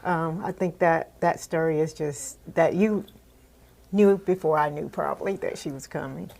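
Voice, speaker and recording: A woman hosting a local podcast in friendly, casual conversation. Her voice sits very low and carries a steady gravelly fry. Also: normal speed. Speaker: podcast host. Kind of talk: casual chat.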